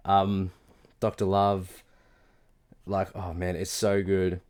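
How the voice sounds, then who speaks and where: Low-voiced rambling Australian man. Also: monotone, takes it slowly, darkish tone. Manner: rambling, enthusiastic, many fillers and restarts. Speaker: vlogger. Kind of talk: casual video journal chat.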